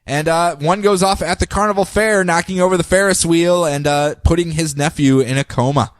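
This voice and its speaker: Animated man recapping comics, dry mic. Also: fairly high pitch, a little fast, few pauses, no echo. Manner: animated, jokey, slips into silly character voices. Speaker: podcast co-host. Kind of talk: casual comic book recap.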